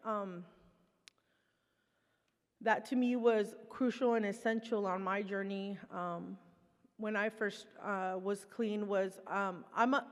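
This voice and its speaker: Heartfelt woman speaking in a reverberant hall. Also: mid-range voice. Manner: loose and heartfelt, many fillers. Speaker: panel speaker, recovery program participant. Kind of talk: conversational presentation.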